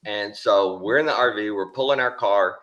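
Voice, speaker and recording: A middle-aged Texan man spins a casual story with a drawl, cussing freely as he goes. His voice sits very low but comes across bright and forceful. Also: moderate pace, dull audio. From Texas.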